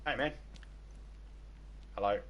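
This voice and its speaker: A man's voice: takes it slowly, highs cut off, slight background noise. A man with an Australian accent hosting a casual gaming livestream, rambling, repeating words and laughing at his own stories. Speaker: livestream host.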